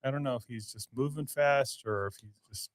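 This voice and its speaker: A man's voice: mid-range voice, a little fast, dry recording. A man with a Texan accent co-hosting a podcast, laid-back with dry jokes. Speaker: podcast co-host. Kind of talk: casual chat.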